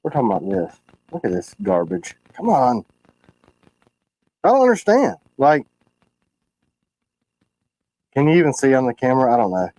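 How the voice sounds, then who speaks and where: A man who makes knives, hosting a casual livestream and talking in a frustrated, animated way with quick asides. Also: medium pitch, low-quality recording. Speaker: knife maker hosting a livestream.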